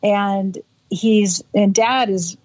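A woman is interviewed about something from her childhood and tells it in halting bursts, full of restarts and fillers. She brings the scene to life by acting out the voices of the people involved. The recording is dull and lo-fi. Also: mid-range voice. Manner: lively, acting out voices in quotes. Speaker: interview guest. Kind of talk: recounting a childhood memory. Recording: dull lo-fi audio.

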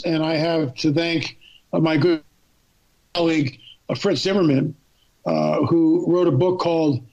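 Lively woman telling a story over lo-fi audio. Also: low-pitched. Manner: animated, acts out both sides of a remembered phone call. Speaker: podcast guest. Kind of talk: casual storytelling.

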